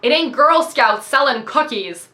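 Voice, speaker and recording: Sarcastic male camp guard, voiced by a woman reader, mocking, bright and high. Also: expressive, unhurried, reverberant, full character voice.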